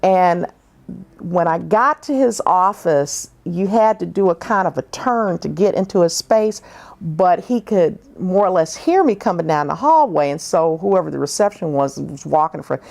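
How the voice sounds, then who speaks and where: A woman giving an oral history interview, telling her experiences frankly and reflectively, with many pauses and fillers. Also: lowish voice, creaky, a little mellow. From northern United States.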